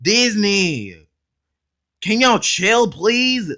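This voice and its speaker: A man hosting a casual reaction video, excitable and blunt, talking in slang straight to his viewers and cutting in often to comment. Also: high voice, very slow. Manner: excitable, blunt and profane, keeps interrupting with "hold up".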